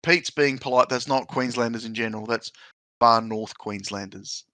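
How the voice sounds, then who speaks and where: Male podcast host, bright and forceful tone, dry close sound, chatty and joking. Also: medium pitch, normal speed, no room sound. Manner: chatty, joking, repeats himself. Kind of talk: casual chat.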